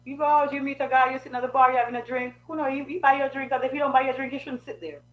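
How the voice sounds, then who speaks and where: A woman's voice: high voice, flat delivery, racing, dull audio. A woman giving frank, sassy advice in a preachy monologue full of rhetorical questions.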